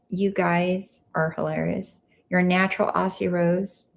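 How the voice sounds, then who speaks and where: A woman's voice: lowish voice, level tone, slow pace, creaky, few pauses. Chatty woman hosting a late-night livestream. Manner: chatty, reads comments aloud and reacts. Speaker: livestream host reading viewer comments. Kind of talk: casual live chat.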